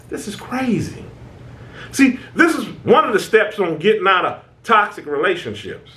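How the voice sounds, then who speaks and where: Casting: man, high and lively voice, casual preachy self-help talk, restarts and tag questions. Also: normal speed. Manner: animated, preachy, conversational with repeated "right?"; informal American speech, stammering restarts. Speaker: channel host.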